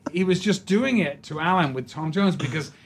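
An older actor, an interview guest, telling leisurely anecdotes with restarts and laughter. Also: male voice, a little high, expressive, normal speed, background noise. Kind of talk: storytelling in a podcast interview.

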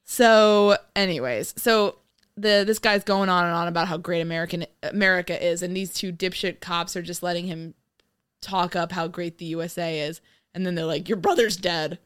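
A woman co-hosting a podcast, chatting casually about a movie, animated and profane, often laughing. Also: fairly low pitch, moderate pace, clean tone. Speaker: podcast co-host. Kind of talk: casual movie review chat.

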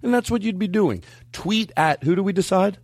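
A man hosting a podcast talks in a loose, rambling way, his pitch leaping around a lot as he tells stories and quotes people. He sits close to a studio mic in a dry, dead-sounding room. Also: moderate pace, dry recording. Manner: rambling, animated, swings pitch up for quoted voices. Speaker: podcast host. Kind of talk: casual chat.

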